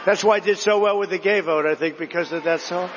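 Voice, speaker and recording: A man's voice: sits high, fast, in a large hall, lo-fi sound, a little hiss or hum. A man giving a rambling, repetitive rally speech, drifting between stories. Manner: rambling, digressive, repetitive storytelling to a crowd. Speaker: political speaker at a rally.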